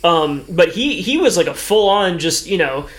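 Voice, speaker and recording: A man's voice: sits high, big pitch swings, normal speed. A man co-hosting a podcast in casual chat, rambling with many restarts and fillers. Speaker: podcast co-host.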